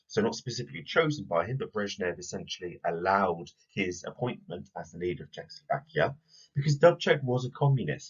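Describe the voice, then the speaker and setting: Low husky man teaching a history lesson. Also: muffled recording. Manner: clear, explanatory, addresses pupils directly. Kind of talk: recorded video lesson.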